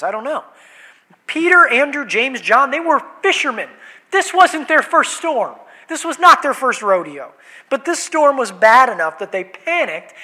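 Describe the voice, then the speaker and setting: A man preaching a sermon, animated, swinging between loud emphasis and hushed asides. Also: sits high. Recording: long reverb of a hall.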